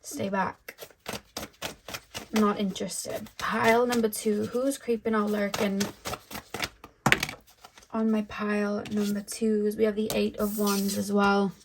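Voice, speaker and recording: A woman's voice: medium pitch, flat delivery, unhurried, background noise. A young woman doing a casual tarot reading, chatty, with many fillers. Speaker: tarot reader.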